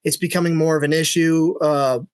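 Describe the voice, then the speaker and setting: A middle-aged man, a SWAT officer guest, telling a personal story in a podcast interview, earnest and halting with many fillers and restarts. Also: a little high, level tone, clear, resonant tone.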